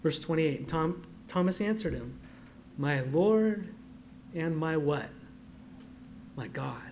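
A man preaching a sermon as pastor. He moves from quiet asides to loud, emphatic declarations and reads scripture aloud. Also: fairly high pitch, animated, takes it slowly, vocal fry, pauses often, a little hiss or hum.

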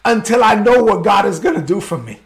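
A man's voice: high voice, sing-song, a little fast. A man voicing a desperate young male warrior pleading with a king, urgent and imploring.

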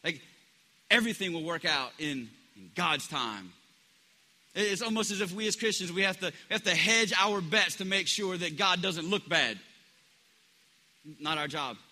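A man with a high, very bright, forceful voice preaches a sermon, talking it through casually and stumbling over restarts. He slips into the voices of the people he quotes. Long reverb trails behind every word, as in a large hall. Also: expressive, normal speed. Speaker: pastor.

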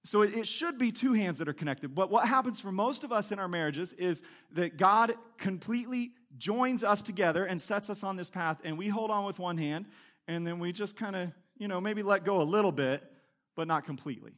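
A male pastor preaching a conversational sermon in a church service, acting out quick quotes and dropping to a hushed tone for prayer. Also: high-pitched. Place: church sanctuary during a service.

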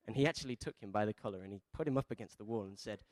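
A man preaching a sermon, asking the congregation questions and calling for responses, shifting between soft asides and loud emphatic peaks. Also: lowish voice, racing, dry recording. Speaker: pastor.

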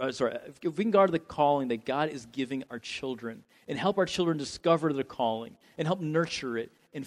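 A man preaching a sermon with animated delivery, often repeating words and restarting his sentences, then leading a closing prayer. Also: a little high. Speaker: pastor. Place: church sanctuary. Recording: long hall reverb.

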